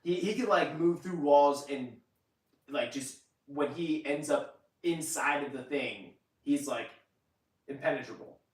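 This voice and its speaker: A man's voice: fairly high pitch, measured pace. A man co-hosting a casual review show, recapping scenes at length with fillers and swearing. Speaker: podcast co-host. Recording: echoey room, mic at a distance.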